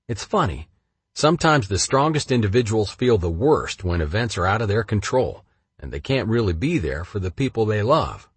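A man narrating his memoir in the first person, blunt and profane, swinging between flat and heated. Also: sits low, husky, no room sound.

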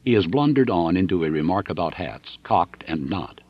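Deep, husky male audiobook narrator. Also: expressive, normal speed, dry recording, highs cut off. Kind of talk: scripted narration.

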